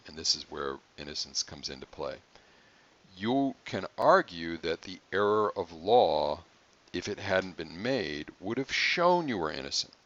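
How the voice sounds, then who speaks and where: A man's voice: low-pitched, fairly bright tone, highs cut off. A man giving a recorded online college lecture, chatty and emphatic, with joking asides. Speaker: college instructor.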